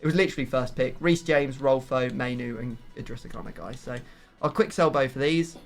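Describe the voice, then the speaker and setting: A man's voice: mid-range voice, brisk, faint music behind. A man hosting a gaming channel, chatting casually through a football video game and swearing at it.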